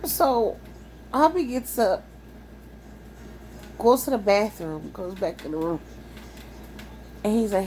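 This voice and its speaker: A young woman telling a wild personal story in a casual, animated, profane way, laughing often. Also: mid-range voice, slow, pauses often, a little hiss or hum.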